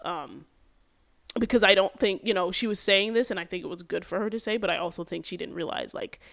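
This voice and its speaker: A woman hosting a podcast, recapping a TV episode in an animated, casual way with many fillers and quick bursts. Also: on the low side, creaky. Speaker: podcast host.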